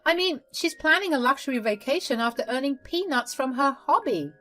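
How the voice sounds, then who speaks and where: A woman's voice: sits high, animated, brisk, pushed and bright, faint music behind, voice pushed up. A woman voicing a scheming, condescending older mother-in-law. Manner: haughty, condescending.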